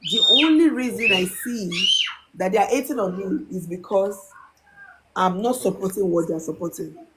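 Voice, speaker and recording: Woman, mid pitch, animated and insistent live-chat talker. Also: normal speed, background noise. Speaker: live stream speaker.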